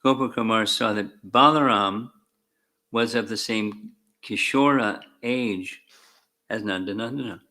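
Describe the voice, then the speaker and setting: A man reading scripture aloud in short deliberate phrases, calling out verse numbers and adding his own commentary with dry asides. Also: lowish voice, pushed and bright. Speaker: spiritual teacher.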